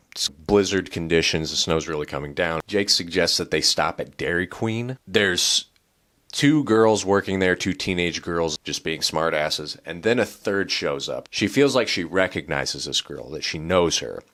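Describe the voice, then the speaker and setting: A man's voice: low voice, fairly bright tone. A man retelling a novel's plot in a casual book review. He talks in a loose, chatty way, with a lot of "like" and some swearing.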